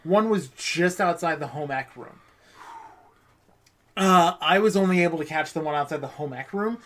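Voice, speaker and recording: A man's voice: fairly high pitch, normal speed, a bit bright. Casual swearing male podcast co-host. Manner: swearing, chiming in with short replies. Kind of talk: casual chat.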